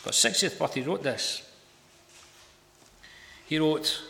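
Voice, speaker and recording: A man's voice: a little high, expressive, fairly quick, long pauses, bright, forceful tone. A man telling a story as a sermon in a large hall, emphatic, repeating phrases for effect. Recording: echoey hall with long reverb.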